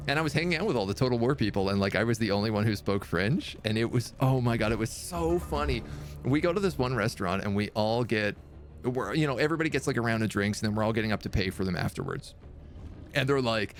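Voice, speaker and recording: Gravelly low-voiced guy streaming a game, chatty and laughing a lot, quiet music behind. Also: sing-song, brisk. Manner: chatty, rambling, laughs often. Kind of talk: live gameplay commentary and storytelling.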